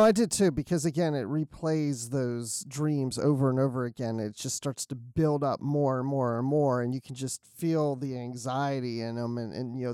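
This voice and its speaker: A man's voice: medium pitch, dark tone, clean tone, dry recording, studio quality. A man co-hosting a podcast, talking over a comic in easygoing, agreeable chat. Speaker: podcast co-host. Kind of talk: casual chat reviewing a comic.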